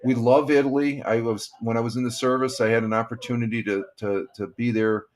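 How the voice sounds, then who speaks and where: An older man from upstate New York hosting a live stream, casually chatting and reading viewer comments in a rambling, halting way. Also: mid-range voice, flat delivery, slight background noise.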